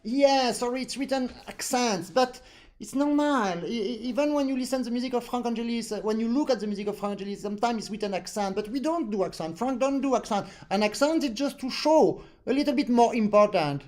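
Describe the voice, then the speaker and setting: Playful accordion teacher. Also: male voice, very high voice, brisk, a little mellow. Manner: playful, teasing, sings phrases aloud. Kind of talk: live online lesson chat.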